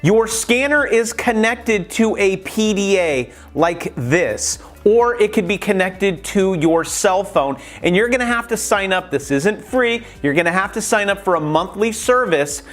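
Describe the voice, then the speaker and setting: Man, high voice, casual vlogger, lively tips, light music underneath. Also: measured pace, hardly any pauses. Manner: chatty and animated, acts out quoted exchanges. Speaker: YouTube creator. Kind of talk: casual how-to vlog.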